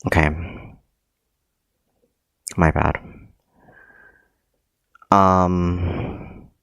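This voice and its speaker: A man's voice: sits low, steady tone, drawn-out words, creaky, a bit bright, clean tone, no room sound. A man teaching a livestreamed math lecture, hesitant, with many ums and frequent self-corrections.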